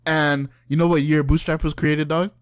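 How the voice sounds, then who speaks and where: A young man co-hosting a podcast, telling a story in casual chat with animated, profane slang and frequent laughter. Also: fairly high pitch, normal speed, clean tone, dry recording, clean studio sound. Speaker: podcast co-host.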